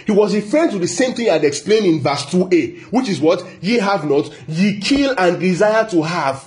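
In this sermon teaching from the Bible, a high-pitched, slightly mellow male preacher speaks emphatically. He repeats important phrases, asks rhetorical questions, and slows his delivery when quoting scripture for weight.

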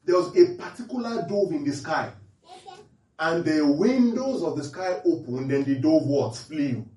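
Male preacher, fairly high and lively pitch, keeps checking if the room follows, recorded echoey and from a distance. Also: measured pace. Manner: quizzes listeners with repeated questions, animated. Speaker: pastor. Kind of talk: interactive Bible teaching sermon.

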